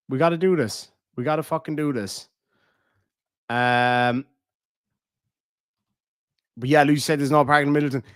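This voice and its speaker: A man's voice: mid-range voice, moderate pace, long pauses, dry recording, studio quality. An Irishman with a Cork accent, chatting casually on a livestream and reading out viewers' messages, swearing freely as he talks. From Ireland. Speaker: livestream host.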